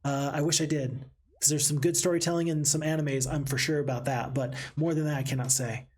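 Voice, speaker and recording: Chatty husky-voiced male game streamer. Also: fairly high pitch, fairly quick. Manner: chatty, reads chat aloud, excitable outbursts. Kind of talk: live game commentary with chat.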